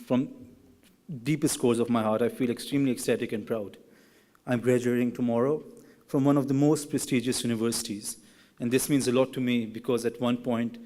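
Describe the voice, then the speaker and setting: Standing at a podium mic in a big hall full of reverb, a young graduating student delivers a ceremony speech that moves from earnest remarks to playful teasing of his classmates. He has a mid-range voice with a dark tone.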